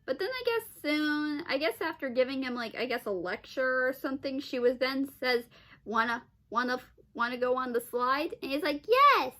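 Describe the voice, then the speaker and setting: High, bright-voiced woman telling a rambling story. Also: expressive, moderate pace. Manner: rambling with many restarts and exasperated sighs and "ugh"s. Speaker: vlogger. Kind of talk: casual storytelling.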